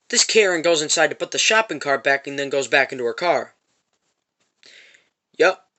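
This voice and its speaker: Angry storytime vlogger, man, high bright voice, swears constantly. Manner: profane, repetitive storytelling. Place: parked van.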